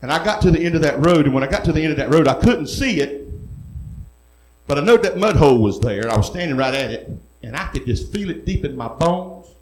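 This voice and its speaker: A man's voice: fairly high pitch, animated, a little fast, darkish tone. A man preaching, telling his own testimony in an earnest, folksy way with rural speech. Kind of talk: sermon testimony. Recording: echoey room.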